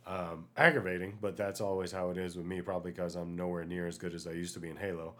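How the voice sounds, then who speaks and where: A man hosting a solo podcast, chatting casually and ranting in an animated way, with many fillers, while getting over an illness. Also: low-pitched, fast. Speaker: podcast host.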